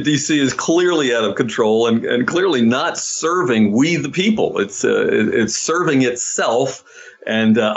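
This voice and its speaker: A man's voice: medium pitch, dull audio. A man, a pastor hosting a political panel discussion, talking earnestly with frequent hesitations and fillers. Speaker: pastor and host.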